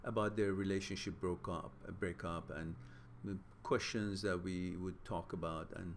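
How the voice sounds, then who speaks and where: A man's voice: low-pitched, steady tone, moderate pace, a little hiss or hum. A man hosting a live Q&A stream, talking casually and loosely, with frequent restarts. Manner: loose, rambling, with many fillers and restarts. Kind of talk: casual live-stream chat, reading viewer comments.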